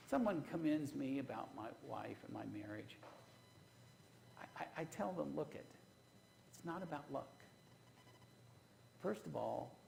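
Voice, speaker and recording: A man's voice: medium pitch, vocal fry, a little mellow, a little hiss or hum, low-quality recording. A man preaching a sermon, telling folksy stories from his own marriage and putting rhetorical questions to the congregation. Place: church.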